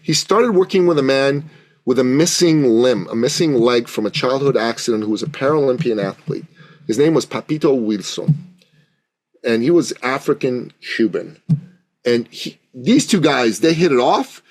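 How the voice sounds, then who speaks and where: A man who is a podcast guest, telling an animated business anecdote, acting out the dialogue and often asking for agreement. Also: mid-range voice, normal speed.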